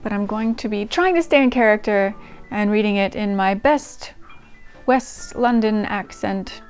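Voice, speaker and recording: A woman's voice: mid-range voice, measured pace, clean tone, faint music behind. A woman hosting a diary-reading channel, talking casually to her audience in a chatty, self-deprecating way with frequent ums and restarts. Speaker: channel host reading old diaries. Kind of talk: casual chat to camera.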